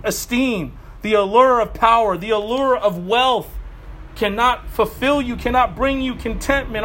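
A man's voice: extremely high pitch, a bit bright. A middle-aged male pastor preaching a sermon in a fired-up, conversational way with casual asides.

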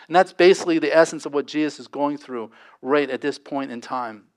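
A man preaching a sermon as pastor, impassioned, with dramatic pauses and sudden drops to a hush. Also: on the high side.

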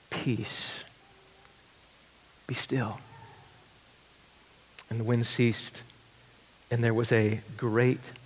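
A man preaching a sermon as pastor, swinging between excited rising questions and hushed, tender passages. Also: medium pitch. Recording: long hall reverb.

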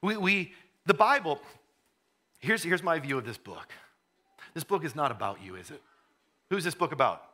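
Fervent bright-voiced male preacher. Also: on the high side, sing-song, moderate pace, pauses often. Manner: conversational, swells to fervent emphasis then drops to hushed; stumbles and repeats words. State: has a cold. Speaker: pastor. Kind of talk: sermon.

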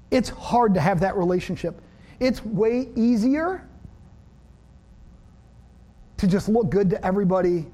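Male pastor, high voice, middle-aged, conversational sermon, acts out dialogue. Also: warm tone.

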